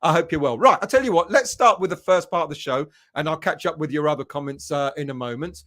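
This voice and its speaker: A man's voice: a little high, fast, sharp tone. A man hosting a football fan livestream, rambling and chatty as he greets viewers by name. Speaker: fan channel host. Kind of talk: casual livestream chat.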